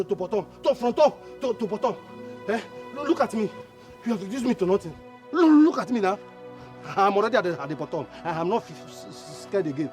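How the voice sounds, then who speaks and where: A furious stammering younger brother. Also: male voice, sits high. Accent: Nigerian. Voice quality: stammering, repetitive shouting. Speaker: younger brother in a family feud. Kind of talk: Nollywood film acting.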